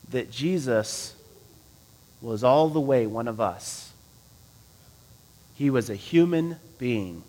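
A pastor with a voice on the high side preaches a sermon, reading scripture aloud and explaining it conversationally. He asks his listeners questions and swings between loud and quiet.

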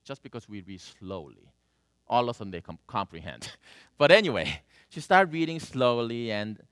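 A man preaching a sermon, telling a story with animated swings between loud and soft. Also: mid-range voice, no echo, clean studio sound. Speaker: pastor.

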